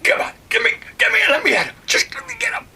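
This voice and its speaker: An old man acting out a tough, furious young soldier from a rough city neighborhood, talking in blunt, menacing bursts. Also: mid-range voice, brisk, sharp tone, distant mic, exaggerated voice. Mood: raging. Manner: menacing, blunt street talk.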